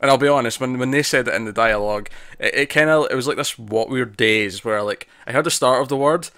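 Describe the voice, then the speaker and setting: A man's voice: mid-range voice, fast, sharp tone, no room sound, clean studio sound. A man co-hosting a podcast, recapping a TV episode in casual chat, rambling with restarts and acted-out quotes. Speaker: podcast co-host.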